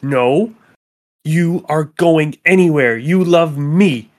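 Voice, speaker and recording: A man's voice: a little high, takes it slowly, a little mellow. A man voicing an obsessive, lovesick young woman in a tabletop game, talking in a clingy, dramatic, accusing way.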